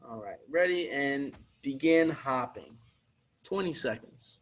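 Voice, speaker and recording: A man's voice: mid-range voice, expressive, slow. A man teaching physical education, reading a picture book aloud and coaching children through movement breaks in an upbeat, encouraging way.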